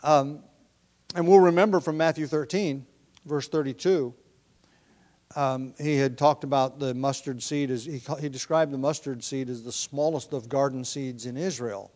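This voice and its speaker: A man teaching a Bible passage in an easy, conversational sermon. He talks his way through ideas with ums, restarts and the odd throat clearing, in a voice of middling pitch. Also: fairly even intonation, normal speed, a little mellow. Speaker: preacher.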